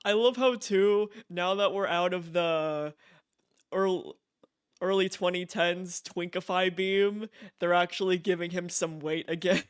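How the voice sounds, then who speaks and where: A young man streaming live from home, gushing and excited, repeating himself and laughing often. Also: sits high, measured pace, smooth, no echo, studio quality. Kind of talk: casual live-stream chat.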